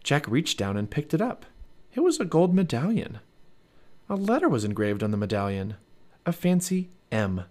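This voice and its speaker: A man narrating a children's storybook aloud, his mid-pitched voice rising and falling with lively expression. His delivery is animated, as if reading to kids. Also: moderate pace.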